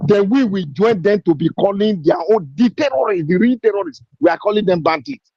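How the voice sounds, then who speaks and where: Nigerian guy ranting on a group call, high husky voice, super dry muffled sound, keeps repeating his questions. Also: lively intonation, brisk, warm tone, no echo. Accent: Nigerian English. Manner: repetitive rhetorical questions, fiery. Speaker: participant in an online discussion. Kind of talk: impassioned call-in speech. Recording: dull lo-fi online call audio.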